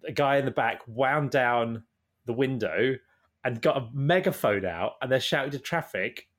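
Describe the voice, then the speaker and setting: A man, a guest in a casual interview, telling long rambling anecdotes that get animated at the funny parts. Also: mid-range voice, normal speed.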